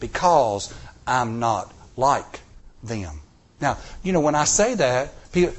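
Animated man preaching a sermon. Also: a little high, measured pace. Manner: animated, rising to emphatic peaks. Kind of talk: sermon with personal stories. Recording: recorded sermon tape.

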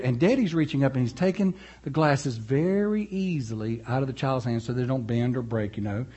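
A male pastor, preaching in a folksy, animated way with storytelling asides. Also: medium pitch, fairly quick, few pauses. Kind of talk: sermon.

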